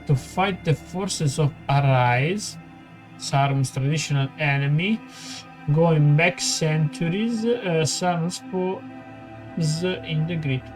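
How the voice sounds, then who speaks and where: Kindly tired priest, read by an Italian man, slow and halting, higher voice. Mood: earnest. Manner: reads the text aloud haltingly, with stumbles. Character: kindly male priest, weary and gentle.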